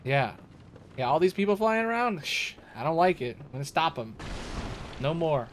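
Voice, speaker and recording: A man's voice: a little high, very animated, moderate pace. A man streaming a video game, rambling jokily and getting exasperated at a boss he cannot beat. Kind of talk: casual gameplay commentary. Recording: audible background noise.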